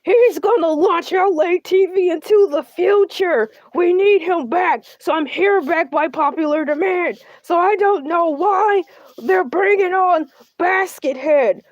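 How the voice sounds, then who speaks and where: A boastful, needy shark talk-show host, put on by a woman, who whines and rambles about his own troubles. The voice sits high and is caught close on a dry mic. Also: a little slow, dry recording, lo-fi sound. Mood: indignant. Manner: whiny, self-centered, rambling. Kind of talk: comedic character livestream.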